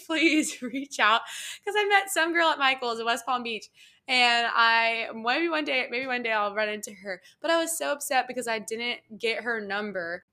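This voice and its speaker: A young woman hosting a podcast, telling a personal story in a casual, chatty way. She fills her speech with "like" and "you know.". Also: on the high side. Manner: animated, acts out dialogue. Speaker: podcast host.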